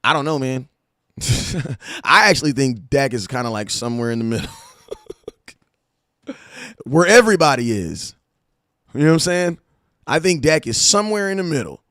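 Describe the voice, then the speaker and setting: Animated slangy man, dry mic. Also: on the high side, moderate pace, pauses often, no room sound. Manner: animated, slangy, storytelling with asides. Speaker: sports podcast host. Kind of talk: casual fan commentary.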